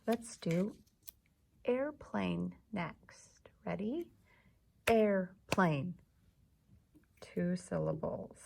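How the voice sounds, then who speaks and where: A woman teacher speaks slowly and patiently to young children, clapping out the syllables of each word. Her voice has a strong gravelly fry and a husky edge. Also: medium pitch, expressive. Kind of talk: classroom lesson for young children.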